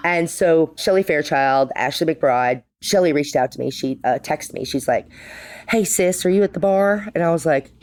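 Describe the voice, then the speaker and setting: A woman's voice: low-pitched, moderate pace. A middle-aged woman who co-owns a bar, chatting as a podcast guest and telling stories full of quoted dialogue. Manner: animated, acts out quotes, says "like" a lot. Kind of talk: casual storytelling. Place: podcast studio.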